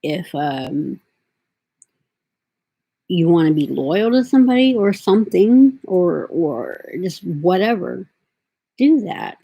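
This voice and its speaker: A woman's voice: fairly low pitch, sing-song, slow, vocal fry, pauses often, dark tone, husky, poor audio. A middle-aged woman talking to her camera in a rambling, casual way, drifting from thought to thought with lots of fillers. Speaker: vlogger. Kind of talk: casual vlog talk.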